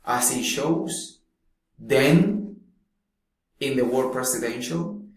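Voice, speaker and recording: A man teaching pronunciation in a slow, deliberate way, pausing often between phrases. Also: mid-range voice. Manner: slow, deliberate, drawn-out speech with long pauses. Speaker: English teacher. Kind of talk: slow explanatory lesson. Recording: very echoey room.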